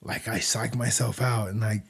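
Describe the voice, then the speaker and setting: Gravelly slangy podcast host. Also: male voice, on the low side, steady tone, moderate pace, a bit bright. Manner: slangy, rambling, self-doubting. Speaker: podcast host and newer stand-up comic. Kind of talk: casual chat.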